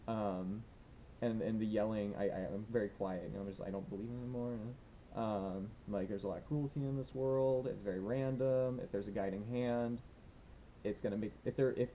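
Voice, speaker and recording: A young man rambling nervously in a casual diary vlog, with lots of fillers and restarts. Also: warm tone. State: anxious. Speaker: vlogger. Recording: dull lo-fi with faint rumble.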